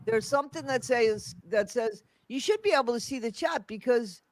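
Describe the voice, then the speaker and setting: A man hosting a casual livestream chat, stuffy and congested, talking haltingly with many restarts. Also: very high voice. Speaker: livestream host.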